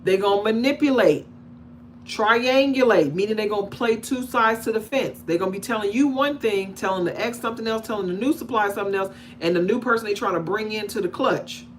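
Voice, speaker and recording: A woman talking casually to her audience about relationships in an animated way, acting out the people she describes and checking in with questions. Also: mid-range voice, brisk, slight background noise. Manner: conversational, asks the audience questions. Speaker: relationship commentator. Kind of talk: casual monologue to camera.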